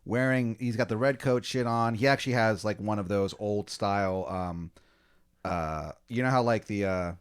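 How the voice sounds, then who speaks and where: A man's voice: lowish voice, moderate pace, clean tone. A man in his own voice, telling an improvised scenario in a loose, rambling way. His speech is full of "like" fillers and broken by laughter. He is hosting a casual comedy podcast. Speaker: podcast host leading an improv scene.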